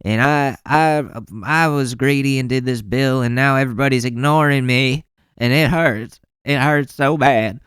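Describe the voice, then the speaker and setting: A man's voice: medium pitch, a little slow, fairly bright tone, smooth, no echo, clean studio sound, voice pushed up, lightly acted. A man putting on the voice of a whiny, greedy, self-pitying male politician in a mocking sing-song. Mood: whining.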